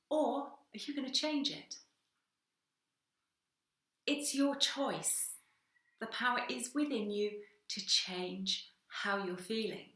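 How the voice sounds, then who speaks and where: A woman's voice: medium pitch, pushed and bright, reverberant. A woman, a hypnotherapist giving a conversational talk straight to camera and acting out little exchanges along the way. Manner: conversational, acts out little dialogues.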